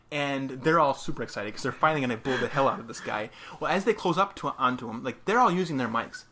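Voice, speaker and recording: A man casually telling a gaming story, animated, laughing often as he tells it. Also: a little high.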